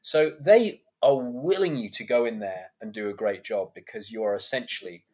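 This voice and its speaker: A man in his thirties, an actor guest on a podcast, telling animated anecdotes and laughing often. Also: lowish voice, moderate pace. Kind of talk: podcast interview storytelling.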